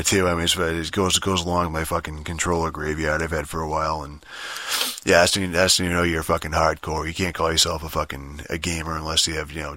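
A man's voice: rumbling low, bright, forceful tone, no echo. A man ranting casually about his gear as a gaming vlogger, swearing constantly, rambling and laughing often. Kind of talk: casual rant.

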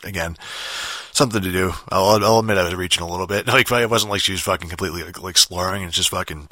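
A man with a Boston accent tells a rambling, profane story, stumbling over and repeating his words. His voice is deep with a bright, forceful edge, and it comes through mumbly and a little slurred. The recording is close and dry. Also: quick pace, dry recording.

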